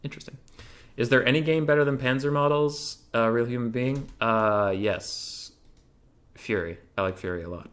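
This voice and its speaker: Bright-voiced man joking through Q&A. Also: medium pitch. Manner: joking, offhand, quick replies. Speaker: host reading community questions. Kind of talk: casual gaming Q&A chat.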